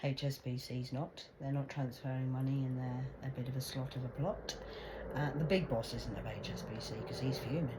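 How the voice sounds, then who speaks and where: A woman in an agitated ranting monologue to camera, jumping between hushed whispers and loud outbursts and often stumbling over repeated words. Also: very deep voice, fairly even intonation, fairly quick, noisy background. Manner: repetitive, stumbling restarts. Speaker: vlogger.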